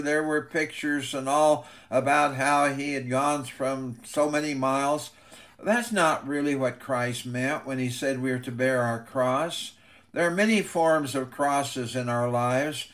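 A man's voice: fairly high pitch, a bit bright. A man preaching a sermon as a pastor, reading scripture and telling stories in an earnest way. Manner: earnest storytelling preacher, reads scripture aloud.

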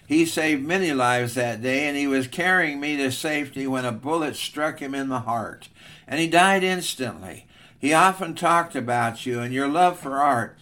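A man's voice: mid-range voice, moderate pace, sharp tone, lightly acted. A man voicing a humble, grateful young soldier, speaking earnestly in a retold story.

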